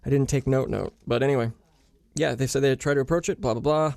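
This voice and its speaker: Young male podcast host from the US, mid-pitched, rambling and profane, dry close mic. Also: fast talker, vocal fry, dry recording. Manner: rambling, profane, excitable banter. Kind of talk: casual podcast chat.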